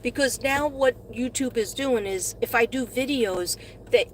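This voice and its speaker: A woman's voice: on the high side, measured pace, slight background noise. Chatty middle-aged woman streaming from a car. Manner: chatty, rambling, gushes when thanking viewers. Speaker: live-stream host and astrology reader. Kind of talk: casual live-stream chat. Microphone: phone.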